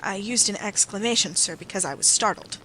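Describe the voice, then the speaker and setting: A bitter, earnest Victorian secretary, read out by an audiobook narrator, speaking with solemn intensity in a bright, forceful tone. A faint hiss of noise sits under the voice. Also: mid-range voice, a little fast, poor audio. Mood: emphatic. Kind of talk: audiobook character reading.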